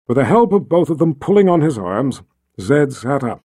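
A man's voice: medium pitch, very animated, normal speed, dark tone, slightly rough, no echo, studio quality. A man reading a fantasy novel aloud as an audiobook narrator, telling the story expressively and voicing every character. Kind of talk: scripted narration.

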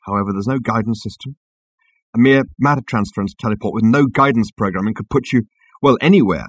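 Man putting on a terse, urgent, sharp-tempered man, husky voice, for an audiobook. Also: fairly low pitch, a little fast, dry recording. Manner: clipped, tense, urgent. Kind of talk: audiobook character voice.

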